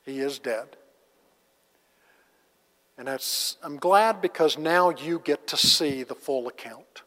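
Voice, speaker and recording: Guy teaching a bible class, kinda high voice, laid back, echoing around a big hall. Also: a little slow, sharp tone. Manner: casual, asks the class rhetorical questions. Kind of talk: conversational Bible lesson. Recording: long reverb of a large hall.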